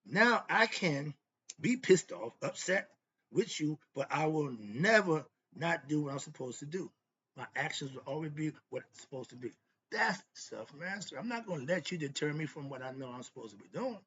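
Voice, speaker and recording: A man's voice: on the high side, animated, normal speed, pushed and bright, highs cut off, a little hiss or hum. A man giving a motivational philosophy talk, emphatic and preachy, in casual slang, answering his own rhetorical questions. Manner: casual street slang, laughs often. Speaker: host.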